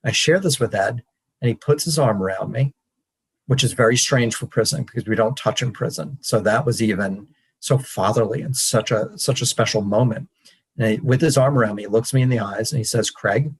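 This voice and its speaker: A man, a podcast guest and author, telling his story in an earnest, animated way. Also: lowish voice, normal speed, breathy edge, low-quality recording. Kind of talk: storytelling interview.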